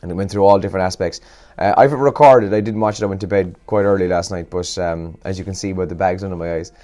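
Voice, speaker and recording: A young Irish man hosts a morning show in an easy, rambling chat, poking fun at himself. He sounds worn out and yawns now and then. His voice sits a little low. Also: steady tone, quick pace, a little mellow. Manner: chatty, rambling and self-deprecating. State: tired, yawning. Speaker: radio show host.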